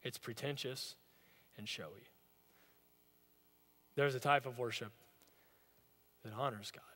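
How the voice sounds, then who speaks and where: A man's voice: medium pitch, takes it slowly, fairly bright tone, big-room sound. A man preaching a sermon as a pastor, in a conversational, storytelling way. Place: church sanctuary.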